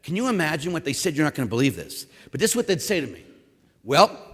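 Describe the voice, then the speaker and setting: A man, a priest and former coach, preaching a lively sermon and acting out what others say. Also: a little high, very fast, breathy edge. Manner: animated, acts out quotes, shouts at times. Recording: long hall reverb.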